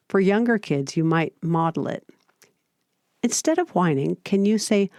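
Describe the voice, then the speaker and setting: A woman hosting a parenting podcast, giving scripted advice in a calm, steady, explanatory way. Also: on the low side, unhurried, no echo, clean studio sound. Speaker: podcast host.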